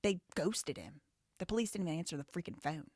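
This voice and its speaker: Outspoken Southern woman livestreaming, low voice. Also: animated, quick pace, breathy edge, no room sound, clean studio sound. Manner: blunt, outspoken, rising loud and high when heated. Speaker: livestream host. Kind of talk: live-stream commentary reading super chats.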